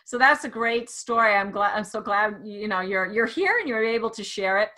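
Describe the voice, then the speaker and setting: A woman's voice: medium pitch, expressive, normal speed, bright, forceful tone. A woman hosting a podcast interview, asking long, rambling questions full of "you know" and "um.". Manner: chatty, rambling questions with fillers. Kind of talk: casual interview.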